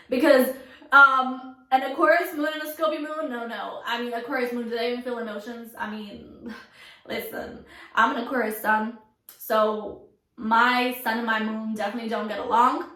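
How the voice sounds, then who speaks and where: A woman hosting an astrology video, talking casually to the camera in a chatty, animated way with dramatic asides. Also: a little high. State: out of breath. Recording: echoey room.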